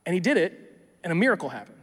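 A tired male pastor preaching a sermon in a conversational, animated way, often acting out imagined dialogues. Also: sits high, very fast, husky, long reverb tail. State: tired from little sleep.

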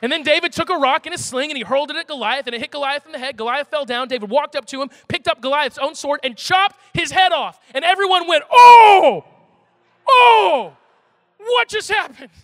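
A pastor preaching a sermon, animated and conversational, with emphatic outbursts. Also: male voice, very high-pitched, quick pace, hardly any pauses. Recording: reverberant hall, faint music.

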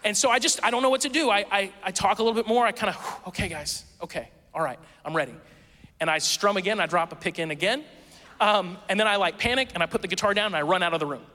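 A man preaching a sermon, telling a story in a casual, self-mocking and animated way. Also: sits high, rapid-fire, big-room sound. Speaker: pastor.

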